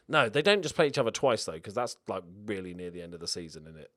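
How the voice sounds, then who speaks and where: A young man giving excitable, jokey let's-play commentary with frequent swearing while talking to himself. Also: lowish voice, fast, hardly any pauses. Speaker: video game streamer.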